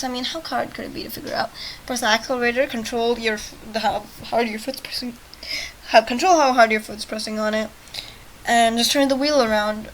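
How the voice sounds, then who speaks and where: A woman's voice: on the high side, a little hiss or hum, low-quality recording. Chatty, sarcastic young woman gamer. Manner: chatty and sarcastic, with loud outbursts. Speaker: let's play gamer. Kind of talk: reading a text game aloud with commentary.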